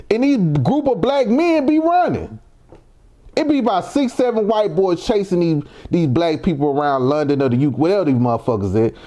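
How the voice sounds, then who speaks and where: A man's voice: on the high side, dark tone. A young man from Mississippi, giving heated, provocative reaction commentary full of rhetorical questions. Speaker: commentary vlogger.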